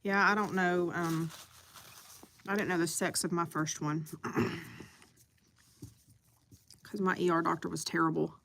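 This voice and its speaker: Bright-voiced woman chatting on a live stream. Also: fairly low pitch, little pitch movement, unhurried, creaky, long pauses, slight background noise. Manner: chatty, talks while eating. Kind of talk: casual live-stream chat.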